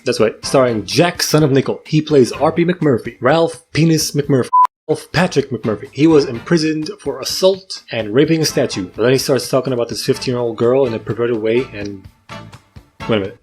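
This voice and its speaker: A man's voice: mid-range voice, fairly quick, darkish tone, soft background music. A young man narrating comedic movie recaps in a crude, mocking way, often breaking into silly voices.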